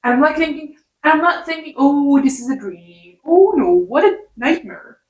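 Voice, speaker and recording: A high-pitched woman delivers a casual rant review, exasperated and sarcastic. She scolds the characters directly. Her voice rings in a roomy space, a little away from the mic. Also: sing-song, normal speed, distant mic. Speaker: book reviewer.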